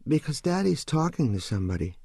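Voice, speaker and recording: A man's voice: a little high, sing-song, brisk, vocal fry, dark tone, slightly rough, dry recording, clean studio sound, pitched above the performer's own voice, full character voice. A man voicing a sleepy, curious young boy who asks timid, tentative questions. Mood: hesitant.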